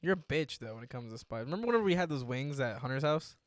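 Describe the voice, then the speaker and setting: A man's voice: medium pitch, expressive, rapid-fire, dry recording. A young man co-hosting a casual podcast, teasing his friend, swearing freely and leaning on filler words. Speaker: podcast co-host. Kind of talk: casual chat.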